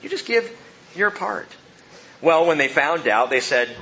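A man preaching a sermon as pastor, animated and joking, acting out the people in the story. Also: on the high side, a little slow, muffled recording.

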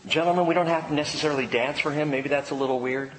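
Lively preacher man in echoing hall. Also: on the high side, slight background noise. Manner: lively preaching, drawn-out emphasis on key words. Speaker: pastor. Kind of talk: sermon. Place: church sanctuary. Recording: long hall reverb, faint ambience.

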